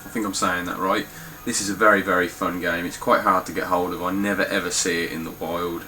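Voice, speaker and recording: A man's voice: deep voice, little pitch movement, a little fast, sharp tone, a little hiss or hum, poor audio. A young man talking casually through his game collection, blunt and swearing freely. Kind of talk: casual spoken collection walkthrough.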